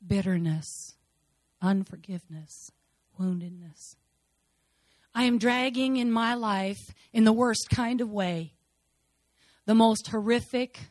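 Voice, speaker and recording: A woman in her fifties giving a personal testimony in church, telling stories dramatically and swinging between soft and loud. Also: fairly high pitch, dry recording.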